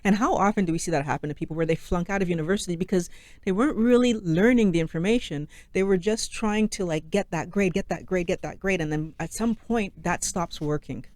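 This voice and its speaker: A woman's voice: lowish voice, brisk, a little mellow, no room sound. A middle-aged woman, a psychologist co-hosting a casual health chat, explaining with examples and rhetorical questions. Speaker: co-host, psychologist.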